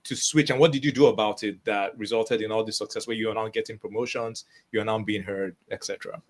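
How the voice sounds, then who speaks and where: A man's voice: lowish voice, fairly even intonation. Chatty Nigerian-born man hosting a podcast. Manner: chatty, greets viewers by name, quick laughs. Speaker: podcast host. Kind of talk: live-streamed interview podcast.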